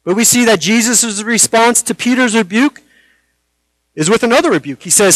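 A man's voice: extremely high pitch, fairly bright tone, no echo, rough recording. Male pastor, earnest preaching delivery, dry close sound. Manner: earnest preaching with dramatic pauses and rhetorical questions. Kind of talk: sermon.

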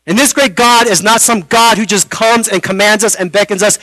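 A man preaching a sermon, earnest, with dramatic pauses and rhetorical questions. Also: sits high, steady tone, sharp tone, no room sound, poor audio. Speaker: pastor.

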